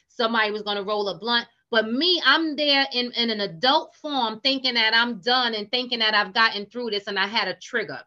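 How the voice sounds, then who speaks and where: A woman's voice: fairly high pitch, bright, forceful tone, muffled recording. A middle-aged woman telling a personal story candidly and openly, often repeating herself. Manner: emotional, vulnerable, repeats herself. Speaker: guest sharing personal story.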